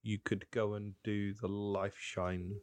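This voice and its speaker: A man's voice: on the low side, flat delivery, measured pace, smooth. A man co-hosting a casual podcast chat with dry, teasing humour. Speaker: podcast co-host.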